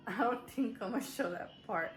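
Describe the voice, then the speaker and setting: A woman's voice: fairly high pitch, moderate pace, a little hiss or hum. A woman chatting casually to her viewers, a little out of breath, rambling with lots of fillers and restarts. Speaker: vlogger. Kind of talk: casual haul chat to camera.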